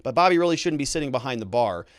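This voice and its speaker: A man's voice: mid-range voice, animated, very fast, dry recording, studio quality. A man, an attorney host, giving conversational legal commentary and explaining things with filler words.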